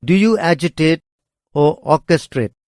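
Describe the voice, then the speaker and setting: A man reading educational course material aloud in a measured, deliberate way. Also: fairly high pitch, darkish tone, no room sound, studio quality. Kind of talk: scripted educational narration.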